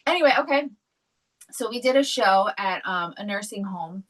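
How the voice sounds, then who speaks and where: A woman co-hosting a podcast tells a family story in casual, chatty fashion, laughing often as she speaks. Her medium-pitched voice is animated, fairly bright, and at normal speed, captured on a distant mic in a rough recording.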